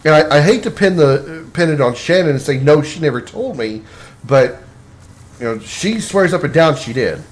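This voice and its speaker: A man's voice: a little high, lively intonation, moderate pace. A man streaming a game, chatting casually and rambling with lots of restarts. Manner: rambling, many restarts and fillers. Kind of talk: casual chat while gaming.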